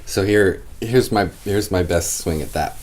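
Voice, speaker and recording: Very deep-voiced man, easygoing podcast host. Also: unhurried, a little mellow. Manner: easygoing, laughs often, trails off with fillers. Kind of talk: casual podcast chat.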